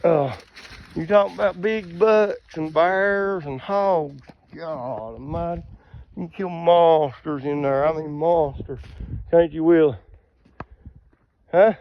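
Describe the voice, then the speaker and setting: A man rambles through folksy tales outdoors, chuckling as he goes. His voice sits high for a man, and the phone audio is dull and lo-fi. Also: takes it slowly, pauses often. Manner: rambling, folksy, laughs at his own stories. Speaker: outdoorsman showing hunting land. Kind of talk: casual storytelling to camera. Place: outdoors on a ridge trail.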